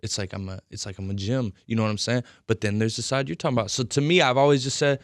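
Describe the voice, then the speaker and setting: A man's voice: mid-range voice, quick pace, dry recording, clean studio sound. A young man in his twenties answering interview questions thoughtfully and earnestly, with many fillers. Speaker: rapper, interview guest. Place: radio studio.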